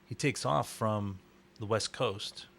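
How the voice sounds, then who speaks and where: A man's voice: lowish voice, slow, creaky, fairly bright tone, a little hiss or hum. A man co-hosting a casual movie commentary, chatty and musing, often trailing off mid-thought. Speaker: podcast co-host.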